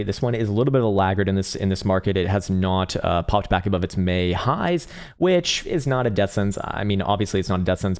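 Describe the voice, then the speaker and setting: A man's voice: low voice, a little mellow. A young man hosting a crypto trading livestream, reading chat and reacting in a rambling, profane way, laughing often and hunting for words. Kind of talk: casual livestream chart talk and chat replies.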